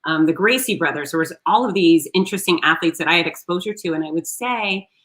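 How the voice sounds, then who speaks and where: Animated, bright-voiced woman podcast host. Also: on the low side, fast, rough recording. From South Florida. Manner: animated storyteller, acts out quoted voices. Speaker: show host. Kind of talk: casual podcast conversation.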